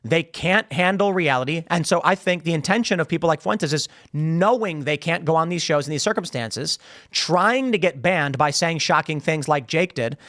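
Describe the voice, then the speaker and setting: A podcast host tears into his critics in a ranting monologue, and his high voice leaps up and down as he mocks and repeats himself for emphasis. He speaks straight into a studio microphone. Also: expressive, moderate pace, a bit bright. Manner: emphatic and mocking, repeats phrases for effect.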